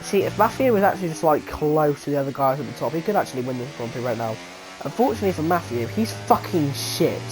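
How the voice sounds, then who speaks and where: A man giving live race commentary, excitable and jokey, swearing and tossing in slang as he banters with his co-commentator. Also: fairly high pitch, racing, over music, rough recording. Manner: excitable, sweary, jokey, keeps tagging "bruv". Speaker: sim racing commentator.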